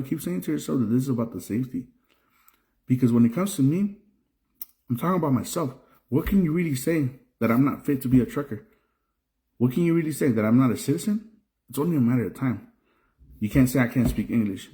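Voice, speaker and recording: A man's voice: mid-range voice, dark tone. A young man from Mexico, a trucker, ranting casually to camera in a frustrated way, repeating and restarting phrases. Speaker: trucker and video creator. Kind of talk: casual vlog rant.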